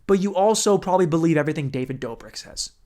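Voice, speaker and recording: Young male podcast host, solo comedic rant, profane and animated, slightly high voice. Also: quick pace.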